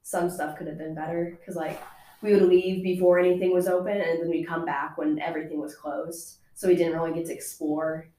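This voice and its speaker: A young woman talks casually with a student group, stringing thoughts together with fillers and laughing asides. Her voice sits a little low. The room around her is echoey. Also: flat delivery, a little fast, mellow. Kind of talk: casual chat.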